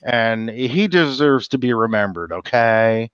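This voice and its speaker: A man's voice: mid-range voice, animated, measured pace, smooth, no echo, dull audio. A man hosting a casual livestream chat, joking and swearing as he tells stories. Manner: crude, joking storyteller. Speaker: host.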